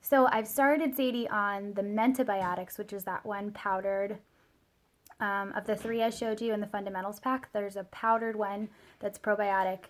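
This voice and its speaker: Chatty mom telling a story. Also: female voice, mid-range voice, steady tone, moderate pace. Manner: chatty, lots of fillers and "like", quotes her child in a small soft voice. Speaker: mother sharing a product story. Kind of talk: casual vlog storytelling.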